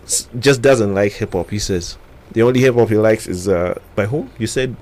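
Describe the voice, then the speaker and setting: A man hosting a hip-hop radio show, chatty, quick to laugh and stumbling over his words. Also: on the low side, darkish tone, slight background noise. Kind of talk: radio interview. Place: radio studio.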